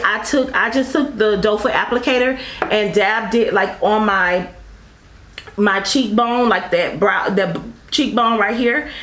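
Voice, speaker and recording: A woman's voice: mid-range voice, fairly bright tone. A woman reviewing makeup in a casual, effusive way, calling her viewers girl and honey and often apologizing in rambling asides. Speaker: beauty vlogger. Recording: echoey room.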